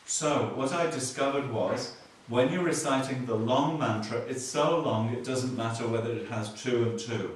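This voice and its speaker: A man giving a Buddhist teaching, explaining slowly and repeating key words, with dry humor. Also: mid-range voice. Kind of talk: dharma teaching. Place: meditation hall. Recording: echoey hall from far off.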